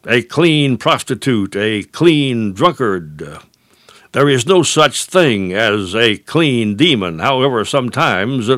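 A man preaching a sermon, slow and emphatic, leaning hard on drawn-out words. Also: mid-range voice, a bit bright, no echo, clean studio sound.

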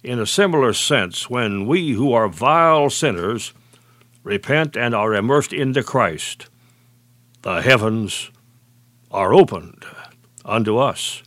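A man preaching a sermon, measured and deliberate, slowing and dropping low on key phrases. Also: expressive, fairly bright tone, no room sound.

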